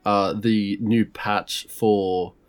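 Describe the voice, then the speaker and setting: A man's voice: lowish voice, steady tone, extremely slow, smooth, soft background music. A young man, co-hosting a casual podcast in a laid-back, sweary way. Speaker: podcast co-host. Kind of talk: casual chat.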